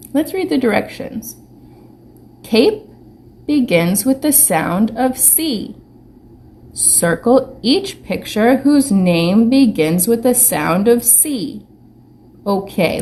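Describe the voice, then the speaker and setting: A woman teaching young children in an online lesson, talking slowly with lots of questions and sounding out letters. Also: a little high, darkish tone, slight background noise. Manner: slow, sing-song teacher talk with many questions. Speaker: preschool teacher.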